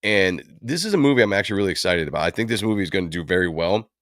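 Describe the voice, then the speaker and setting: A man's voice: low-pitched, expressive, very fast, a bit bright, dry recording, clean studio sound. A man hosting a livestream, talking casually and at length, rambling with many fillers. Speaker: livestream host. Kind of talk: casual commentary on comic book films.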